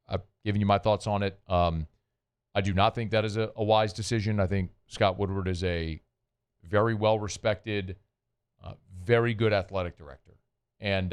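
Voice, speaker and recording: Low, smooth-voiced radio host. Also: male voice. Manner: conversational, opinionated, many fillers and restarts. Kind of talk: sports talk radio commentary.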